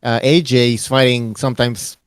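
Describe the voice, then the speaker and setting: A man's voice: medium pitch, flat delivery, moderate pace, clear, resonant tone, no room sound, clean studio sound. A man co-hosting a casual podcast, reasoning aloud and often repeating words as he goes. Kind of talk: casual boxing podcast chat.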